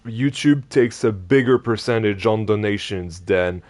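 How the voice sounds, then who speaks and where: A man streaming a game, chatting casually and rambling with many hesitations, his voice going a little hoarse. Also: on the low side, a little slow. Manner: rambling, hesitant, hums tunes softly. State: losing his voice. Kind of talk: casual live-stream chat while playing.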